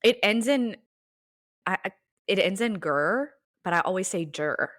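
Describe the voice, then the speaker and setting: A woman's voice: mid-range voice, normal speed, a bit bright, dry recording, clean studio sound. A young woman co-hosting a casual podcast, chatting with laughs and trailing asides. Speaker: podcast co-host. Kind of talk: casual chat.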